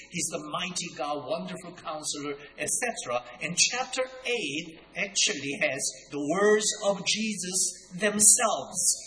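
A man preaches a teaching sermon, his voice slightly high and bright. He works through each point slowly and deliberately, sometimes restarting a word. The sound carries the echo of a church sanctuary, with faint room noise behind. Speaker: pastor. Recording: echoey room.

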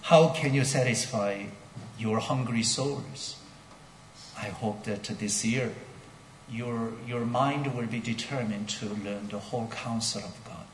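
A man preaching a sermon as pastor, speaking deliberately and building to emphatic declarations with repeated phrases. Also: medium pitch, slight background noise. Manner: slow, deliberate delivery with repetitions. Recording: echoey hall with long reverb.

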